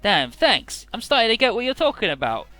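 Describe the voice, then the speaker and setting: A man's voice: high voice, huge pitch swings, brisk, bright, forceful tone, soft background music, voice pushed up, heavily acted. A man doing a blunt, swearing young pilot girl. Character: tough foul-mouthed young woman pilot. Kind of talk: paraphrased game dialogue.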